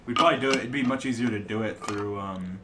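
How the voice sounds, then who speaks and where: A young man chatting casually on a livestream, rambling and restarting his sentences as he gets excited. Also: lowish voice, quick pace, soft background music. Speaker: streamer guest.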